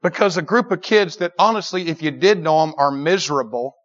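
A middle-aged male preacher tells stories to a church crowd in an animated, emphatic way, stacking repeated words as the tale builds. His voice sits slightly high for a man. The recording is dull and lo-fi. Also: brisk. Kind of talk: storytelling sermon.

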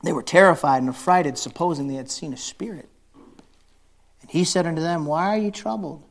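A middle-aged man preaching a sermon as pastor, conversational, swinging between loud emphasis and quiet intensity, laughing easily. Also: a little high, a little fast, creaky.

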